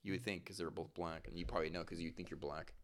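A man's voice: deep voice, steady tone, quick pace. A man co-hosting a sports podcast, rambling and joking crudely with many fillers. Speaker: podcast co-host. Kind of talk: casual sports chat.

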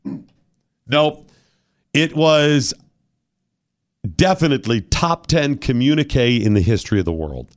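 Lively-voiced man hosting talk radio. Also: medium pitch, unhurried, pauses often. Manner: mock-solemn, theatrical, builds to bursts. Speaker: radio talk show host. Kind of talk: casual talk radio banter.

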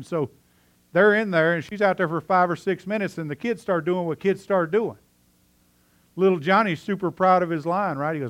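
A male pastor preaching a sermon, telling a story with lively swings between loud animated passages and quiet, earnest asides. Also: high-pitched, normal speed.

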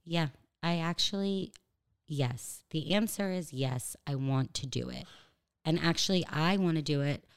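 Speaking unhurriedly in a low-pitched, clean-toned voice, a woman in her thirties jokes around as a guest in a casual interview. She drops fillers and asides, and someone remarks that her voice sounds like a cartoon.

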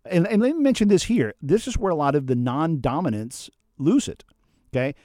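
A man in the host's chair of a casual talk show, animated and quick to act out what people say. His pitch rises and falls widely, and the sound is dry and close. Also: no echo. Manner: animated, acts out quotes with sudden pitch jumps. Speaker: host. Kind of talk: casual podcast talk on personality types.

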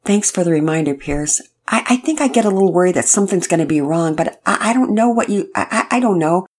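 A woman voicing an excitable, emotional young boy who talks fast and stammers. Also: on the low side, slightly rough. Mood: eager.

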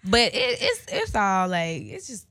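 A young woman and mother in casual chat, animated, laughing often and acting out what people said. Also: mid-range voice, measured pace, creaky, no room sound. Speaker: podcast guest, mother.

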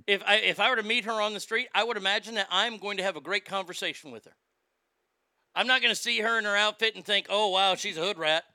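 A man's voice: high-pitched, fast talker, sharp tone, no room sound. A man ranting in a sarcastic, indignant, profane commentary, recorded on a close mic. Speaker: social media commentator.

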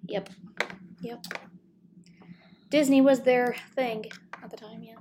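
A woman's voice: on the high side, fairly even intonation, takes it slowly, dark tone, slight background noise. A woman in casual chat who talks with enthusiasm and laughs often.

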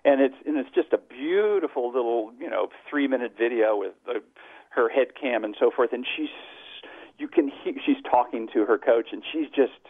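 A man's voice: mid-range voice, normal speed, breathy edge, no echo. A man who is a psychologist and author, explaining earnestly in a phone-in radio interview. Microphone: telephone. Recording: tinny dry phone line.

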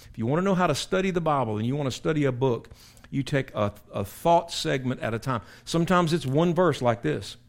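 A man's voice: mid-range voice, animated, fairly quick, creaky. An older man in his sixties, a pastor leading a Bible study in a conversational, emphatic way, often repeating and restarting phrases. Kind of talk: sermon-style Bible teaching.

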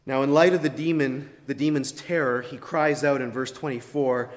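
A man preaching a sermon in an emphatic, deliberate way, his loudness rising and falling widely, in a church sanctuary. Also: medium pitch, steady tone. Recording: long reverb of a large hall.

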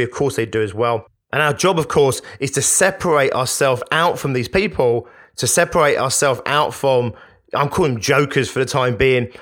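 A man giving a motivational talk on marketing as a business coach, energetic and emphatic, asking rhetorical questions. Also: a little high.

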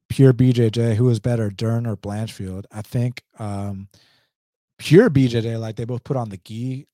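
A man's voice: on the low side, dark tone, no room sound, studio quality. A man with an Atlanta accent hosting a casual livestream, reading viewer comments and answering bluntly with slang and laughs. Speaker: MMA betting livestream host.

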